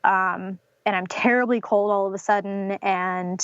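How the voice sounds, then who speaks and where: A young woman from North Carolina recounts her experience to a podcast host. She fills her speech with "um" and "like" and slips into quoting others. The audio is dry and slightly muffled, at a middle pitch. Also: fairly even intonation, unhurried, a bit bright, clean tone, no room sound. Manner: many fillers like "um" and "like", acts out quotes of others. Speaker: podcast guest. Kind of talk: telling a personal birth story in an interview.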